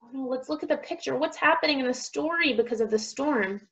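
Reading a picture book to small children, a female speech teacher stretches out each word slowly and with exaggeration. She has a high, somewhat bright voice, and the audio quality is poor.

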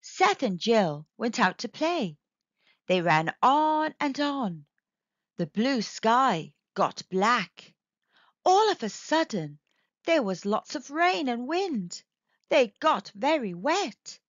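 A woman reading a children's storybook aloud in a slow, expressive, sing-song way. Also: a little high, dry recording, dull audio.

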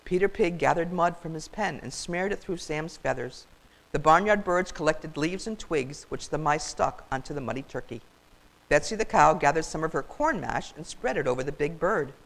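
An older woman reading a children's story aloud as a grandmotherly storyteller, in a warm, expressive way. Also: low voice, normal speed, creaky, rough recording.

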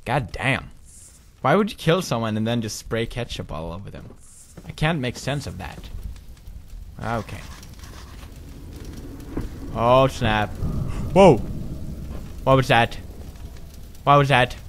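A young man hosting a horror game let's play, joking around and breaking into high yelps and screams. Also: expressive, takes it slowly, pauses often, fairly bright tone, slight background noise. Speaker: gaming video host.

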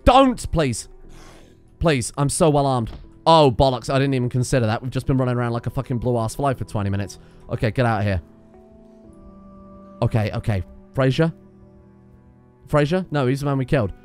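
A young man giving excitable, sweary let's-play commentary, talking to his game characters as he plays. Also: mid-range voice, fairly quick, pauses often, clear, resonant tone, soft background music. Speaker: gaming YouTuber.

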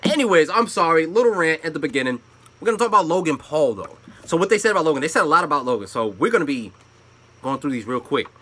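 A young man ranting on his own opinion commentary channel swears freely and lurches between loud outbursts and low asides. His husky voice moves fast with big swings in pitch.

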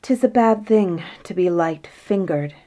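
A woman voicing a fretful, tearful queen who argues sharply, pitched high and sobbing, in a storybook reading. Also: animated, a little slow, mellow. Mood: quarrelsome.

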